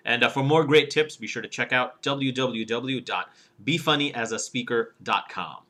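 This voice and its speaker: A man teaching public speaking with a bright, forceful voice. He talks casually, fillers and all, and keeps switching between upward and downward inflections to show what he means. His pitch sits right in the middle for a man. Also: normal speed. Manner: demonstrates rising and falling intonation, casual with fillers. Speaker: professional speaker and speaking coach. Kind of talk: instructional talk to camera.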